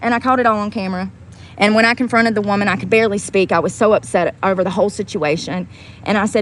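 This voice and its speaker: A woman's voice: medium pitch, fast talker, a bit bright, a little hiss or hum. A woman ranting heatedly on a casual livestream, swearing often and repeating herself for emphasis. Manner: heated, profane, repetitive. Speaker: livestream host.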